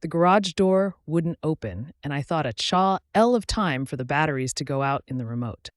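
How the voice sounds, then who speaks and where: A man's voice: a little high, animated, moderate pace, no room sound, studio quality. A man reading a first-person relationship story aloud in a plain storytelling manner. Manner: plain storytelling with mild censored swearing. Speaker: narrator.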